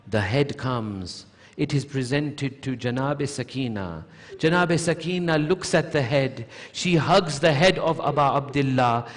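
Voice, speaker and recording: A man giving an emotional mourning sermon, reciting a story slowly and rising into high, pleading speech when quoting. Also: animated. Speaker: sheikh giving a majlis lecture. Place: large mosque hall. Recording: long hall reverb.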